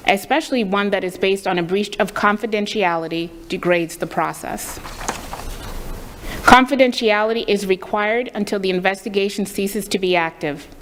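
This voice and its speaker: A woman from the district staff reading a prepared briefing at a school board meeting, formal and deliberate. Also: medium pitch.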